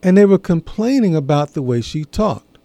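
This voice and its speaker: A man telling a personal story in a reflective monologue, earnest and measured, pausing between phrases. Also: on the high side, lively intonation, mellow, no room sound. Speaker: speaker sharing a personal story.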